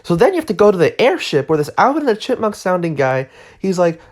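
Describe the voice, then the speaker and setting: Woman, low voice, casual game commentary, exasperated, sarcastic, rambling. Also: big pitch swings, quick pace, darkish tone. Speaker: gaming video creator.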